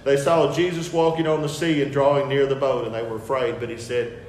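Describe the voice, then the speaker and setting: A man preaching a sermon with picture slides, emphatic and repetitive, shifting between soft asides and loud declarations. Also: mid-range voice, fairly quick, slight background noise. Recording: echoey hall with faint ambience.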